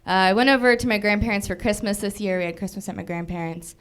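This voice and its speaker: A woman's voice: mid-range voice, quick pace, a bit bright, clean tone. A young woman in her twenties performing a chatty, self-deprecating stand-up set on a theater stage. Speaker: stand-up comedian. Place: movie theater stage before a live audience.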